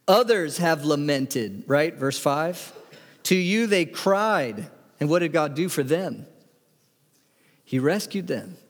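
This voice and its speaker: In a hall with long reverb, a pastor delivers an earnest sermon. He poses direct questions to the congregation and reads scripture with feeling, his voice climbing in pitch during the psalm.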